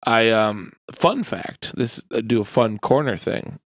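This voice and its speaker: A man's voice: on the low side, lively intonation, a little slow, dry recording. A man co-hosting a casual movie review podcast, talking in a laid-back, hesitant way with many fillers. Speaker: podcast co-host.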